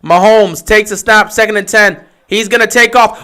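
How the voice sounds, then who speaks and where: Guy with a high voice calling a game live on stream, chats to the players, gets loud on big plays. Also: normal speed, hardly any pauses, smooth. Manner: excitable, swings from low musing to loud shouting on big plays; chatty, talks straight to players and chat. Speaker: livestream host calling the game. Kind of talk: casual play-by-play watch-along commentary.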